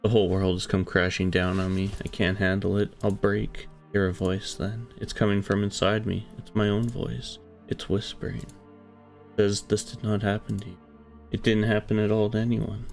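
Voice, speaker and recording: A man narrating a dark first-person story in a hushed, brooding, confessional way. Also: lowish voice, completely flat delivery, normal speed, gravelly. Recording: soft music behind.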